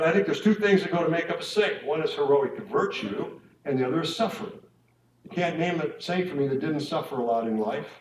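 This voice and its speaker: A man's voice: medium pitch, darkish tone, slight background noise. Man giving an informal talk in an echoey room. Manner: informal, checks in with listeners with tag questions. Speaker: speaker at a parish marriage evening. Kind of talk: conversational faith talk to couples. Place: church hall or meeting room. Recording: echoey room, mic at a distance.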